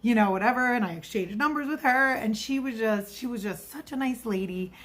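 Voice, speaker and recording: Chatty woman with a higher voice. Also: moderate pace, fairly bright tone. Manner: chatty, rambling storyteller. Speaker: vlogger. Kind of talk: casual confessional vlog.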